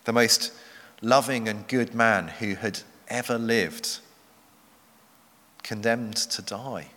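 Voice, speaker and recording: Bright-voiced preacher in a reverberant hall. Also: male voice, on the low side. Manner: earnest, measured, slows for emphasis. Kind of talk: sermon.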